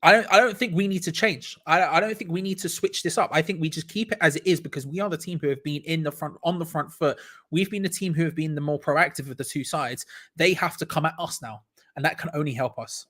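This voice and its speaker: Excitable man hosting a watch-along. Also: on the high side, fast talker. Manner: excitable, laughs often, repeats himself. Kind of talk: live football watch-along chat.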